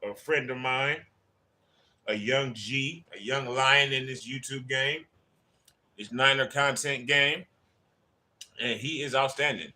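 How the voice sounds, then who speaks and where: A man's voice: medium pitch, pushed and bright. A man hosting a casual fan livestream, chatting and greeting viewers by name as they join. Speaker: livestream host.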